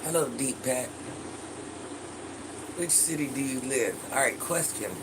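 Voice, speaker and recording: A man's voice: mid-range voice, a little slow. A man live-streaming and reading viewer comments in casual chat, sassy, calling viewers baby and repeating himself, a little stuffy from allergies. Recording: loud background noise, air conditioner hum.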